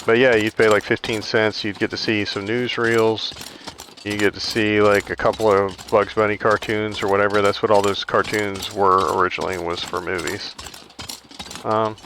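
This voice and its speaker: A man's voice: fairly low pitch, flat delivery, moderate pace, fairly bright tone, slight background noise, rough recording. A man casually chatting while playing a survival video game, rambling into storytelling asides. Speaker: gaming streamer. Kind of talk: casual gameplay chat.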